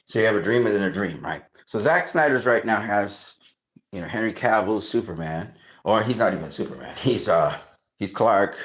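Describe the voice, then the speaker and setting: A man in casual film commentary, excitedly retelling movie scenes, swearing often and acting out reactions. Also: lowish voice, normal speed.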